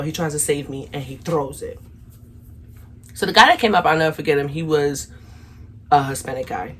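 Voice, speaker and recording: A young woman with a New York accent telling a storytime vlog, animated and acting out the quotes, talking straight to her viewers. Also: sits low, slightly rough. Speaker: vlogger.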